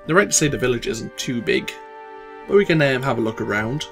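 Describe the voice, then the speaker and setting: Give me a relaxed man narrating his game. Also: medium pitch, brisk, soft background music. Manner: relaxed, self-deprecating, thinking aloud. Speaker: let's play host. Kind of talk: casual gameplay commentary.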